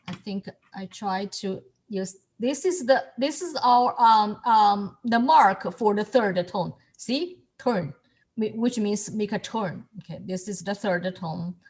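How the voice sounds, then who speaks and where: Slow, halting woman teaching on a video call. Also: medium pitch. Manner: halting, repeats words, laughs often. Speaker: Mandarin tone teacher. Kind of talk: online class instruction.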